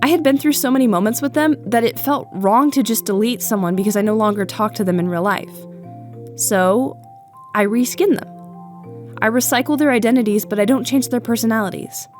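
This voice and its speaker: A woman's voice: medium pitch, a little fast, a little mellow, soft background music. A young adult woman giving earnest, reflective scripted narration for a video essay, with playful asides.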